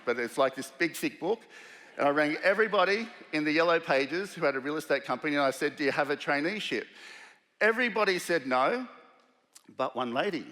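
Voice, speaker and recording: A man's voice: on the high side, pushed and bright. A man with an Australian accent telling a personal story to a live audience, acting out the voices of the people in it. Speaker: keynote speaker. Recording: long hall reverb.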